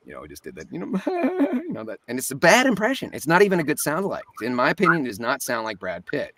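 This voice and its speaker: A man, a voice actor and impressionist, telling stories as an interview guest, animated and jumping into voices mid-story. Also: a little high, quick pace, hardly any pauses.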